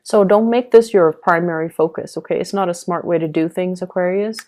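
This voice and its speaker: Mellow-voiced woman reading tarot. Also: on the low side, brisk. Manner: conversational, many fillers and "okay?" check-ins. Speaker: tarot reader. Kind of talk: pick-a-card tarot reading.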